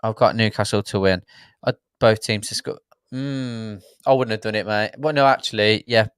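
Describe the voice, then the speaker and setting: A man's voice: lowish voice, moderate pace, a bit bright, smooth, dry recording, clean studio sound. A man hosting a live fan football show, chatting and reading out viewer comments. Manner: chatty, reads viewer comments, laughs often. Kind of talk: live football watchalong chat.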